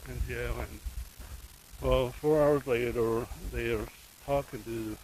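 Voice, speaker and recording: A man's voice: mid-range voice, fairly even intonation, slow pace, darkish tone, a little hiss or hum, low-quality recording. A man casually retelling a true crime case, rambling and emotionally invested, with asides to the viewer. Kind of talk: casual storytelling.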